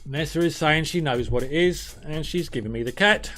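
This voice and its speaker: A man's voice: on the high side, moderate pace, a bit bright, faint music behind. A man hosting a live-streamed quiz in a chatty, jokey way, reading out viewers' answers by name. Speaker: quiz host.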